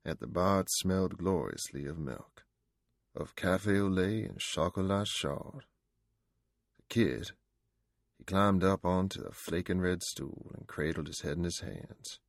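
A man's voice: low voice, measured pace, creaky, no room sound, clean studio sound. A man narrating an audiobook in the first person, in a slangy, vernacular storytelling manner.

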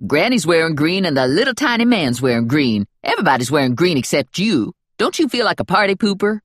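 A woman's voice: low voice, very animated, a little fast, no room sound, clean studio sound. A woman doing a brassy, wisecracking sidekick. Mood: sassy. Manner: brassy, wisecracking, slangy talk. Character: brash, sassy woman sidekick.

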